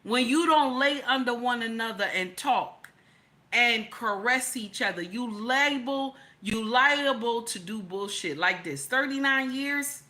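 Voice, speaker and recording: A woman's voice: on the high side, measured pace, sharp tone. A middle-aged woman hosting an opinionated livestream, blunt, profane and preachy, greeting her chat as she talks. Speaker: livestream host.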